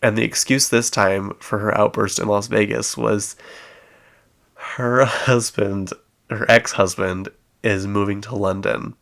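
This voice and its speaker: A man's voice: lowish voice, fairly even intonation, unhurried, gravelly, fairly bright tone. A man hosting a podcast, chatting casually through a gossip recap with plenty of fillers and acted-out quotes. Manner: chatty, acts out quoted lines, frequent fillers. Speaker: podcast host.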